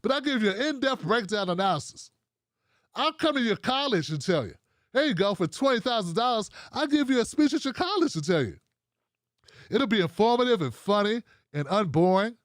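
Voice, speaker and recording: A man's voice: high-pitched, animated, fairly quick, dry recording, studio quality. A man from the United States hosting a political livestream, ranting bluntly with heavy profanity and reading out viewer comments. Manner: reads out live chat comments. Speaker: livestream host.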